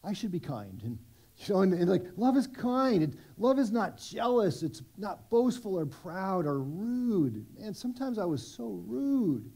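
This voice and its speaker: A man's voice: sits high, sing-song, unhurried, warm tone, husky. A middle-aged man preaching a sermon at a church service, conversational and self-deprecating, with many restarts. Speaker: pastor.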